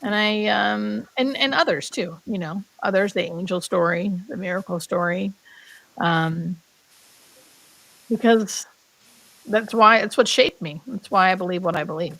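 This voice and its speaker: A woman in her thirties recounts a personal story as an interview guest. She talks in a heartfelt, meandering way, full of "like" fillers, and drops to a hushed whisper now and then. Her voice sits at an ordinary middle pitch. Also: unhurried, vocal fry, no room sound, low-quality recording. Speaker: guest, hospice nurse. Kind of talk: emotional storytelling.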